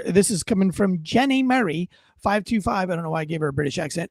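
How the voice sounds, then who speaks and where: High-voiced man ranting in casual talk. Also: fairly quick, dry recording. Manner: animated, emphatic, reads comments aloud. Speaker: podcast co-host. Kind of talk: casual opinion chat.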